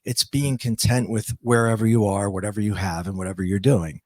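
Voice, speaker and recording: A middle-aged man, a podcast guest, telling a personal story in a reflective, halting way with frequent restarts. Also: on the low side, fairly even intonation, no room sound.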